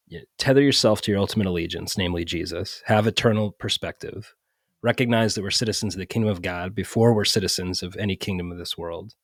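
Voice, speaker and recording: Low-voiced male podcast host, dry sound. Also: no room sound. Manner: thoughtful, sums up the guest's points. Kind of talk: interview questions.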